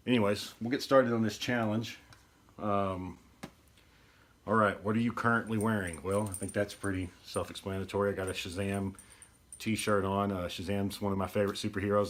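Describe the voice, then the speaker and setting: A man, hosting his podcast in a rambling, easygoing casual talk. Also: fairly low pitch. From East Texas. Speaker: podcast host.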